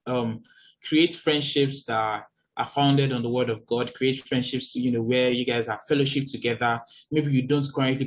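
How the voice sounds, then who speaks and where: A young man with a Nigerian accent, preaching a sermon in an earnest, animated way that jumps to high exclamations. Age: young adult.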